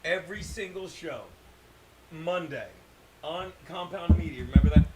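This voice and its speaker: A man's voice: fairly high pitch, moderate pace, warm tone, echoey room, a little hiss or hum, low-quality recording. A man jumping into casual podcast chat with jokes. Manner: joking, jumping in. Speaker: podcast guest.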